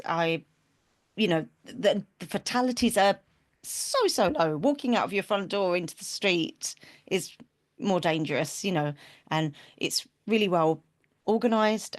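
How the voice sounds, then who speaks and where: Woman interview guest, earnest, reflective, plain mid voice. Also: medium pitch. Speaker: podcast guest. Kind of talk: casual interview chat.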